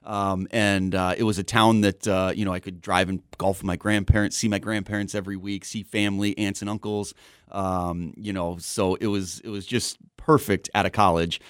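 A man in his forties from Southern California, a guest on a radio show, telling stories in a lively way and acting out the voices of people he quotes. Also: sits low, normal speed, clear, resonant tone, no room sound, clean studio sound. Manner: animated storyteller, acts out quoted voices. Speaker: TV news anchor, guest. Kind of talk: casual radio interview.

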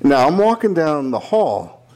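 A man's voice: a little high, a little slow. A young man telling a long story in casual chat, swearing freely and acting out the people in it. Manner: profane, animated, quotes people in voices. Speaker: podcast co-host telling a story.

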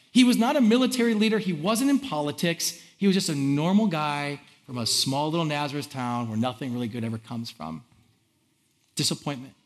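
A man preaching a sermon as pastor, conversational and animated, reading scripture aloud and acting out how the crowd reacted. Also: fairly high pitch.

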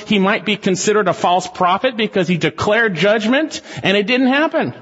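A man's voice: fairly high pitch, a bit bright, in a large hall, lo-fi sound. A male pastor preaching a sermon in an earnest, emphatic way, speaking straight to his congregation.

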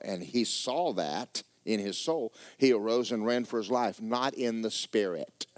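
A man's voice: lowish voice, moderate pace, hardly any pauses, no room sound. A man preaching a sermon as pastor, folksy and joking, repeating words for effect.

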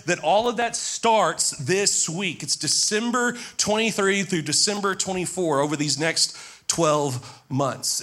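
A man in his forties preaching as a pastor, telling personal stories in a conversational way and praying in a low, soft voice. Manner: conversational storytelling, drops low and soft in prayer. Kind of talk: sermon with prayer and personal stories.

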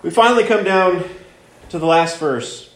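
Guy with a high voice preaching, earnest, lots of uh and repeats, roomy echo. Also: moderate pace. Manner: earnest, repeats words and fillers while explaining. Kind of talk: sermon teaching through a Bible passage.

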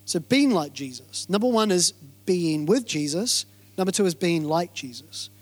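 A man preaching a sermon in an energetic way, repeating phrases and quizzing the congregation. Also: high-pitched, moderate pace. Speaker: pastor.

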